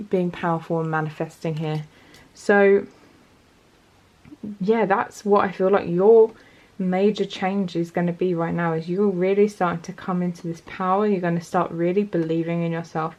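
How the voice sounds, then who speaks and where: A woman's voice: fairly low pitch, darkish tone, highs cut off. A woman giving a casual pick-a-card tarot reading, chatty and encouraging as she talks straight to her viewers. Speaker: tarot reader.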